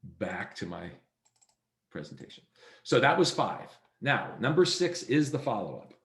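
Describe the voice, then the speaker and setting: A man's voice: medium pitch, very animated, a little slow, creaky. A man giving a real estate sales training over a video call, acting out dialogue in his stories. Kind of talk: training presentation. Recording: roomy echo.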